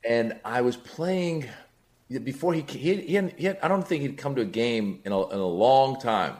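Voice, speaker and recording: A middle-aged comedian on a podcast, mid-pitched, telling lively stories. He acts out the voices of the people in them and climbs into excited, emphatic bursts. He has the easy rhythm of a stand-up who is used to holding a room. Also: moderate pace. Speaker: comedian guest. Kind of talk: comic storytelling on a podcast.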